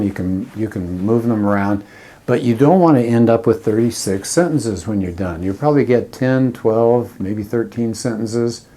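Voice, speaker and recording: A man's voice: medium pitch, dark tone. A man teaching an English writing lesson in a conversational lecture style, walking through example sentences step by step. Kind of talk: classroom lecture.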